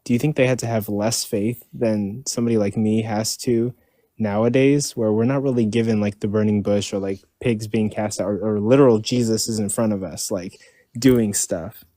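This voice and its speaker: A man's voice: fairly low pitch, steady tone, moderate pace, mellow, dry recording. A man in a live-stream debate, asking questions hesitantly with many fillers. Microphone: live-stream mic.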